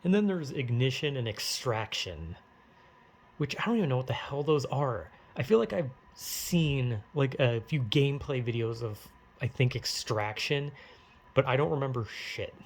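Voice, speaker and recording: A man's voice: medium pitch, expressive, moderate pace. A man talking casually to camera as a video host, rambling and self-deprecating, with frequent swearing and restarts. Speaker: YouTuber. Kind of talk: casual opinion rant.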